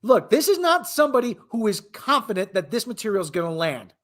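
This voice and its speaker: A man's voice: high-pitched, very animated, fairly quick, fairly bright tone. A man hosting a podcast, giving sardonic, rambling commentary with frequent restarts. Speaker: podcast host. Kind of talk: casual commentary chat.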